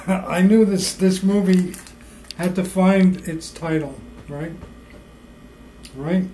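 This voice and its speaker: A home cook talking through baking in a slow, whimsical, playfully mock-serious way in a kitchen. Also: medium pitch, warm tone, roomy sound, a little hiss or hum, poor audio. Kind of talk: playful cooking video banter.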